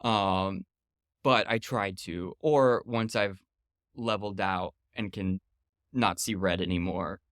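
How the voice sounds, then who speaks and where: Man, 30s, podcast guest, low voice, chatty, lots of fillers, dry recording. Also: takes it slowly, a bit bright, clear, resonant tone, dry recording. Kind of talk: casual podcast conversation.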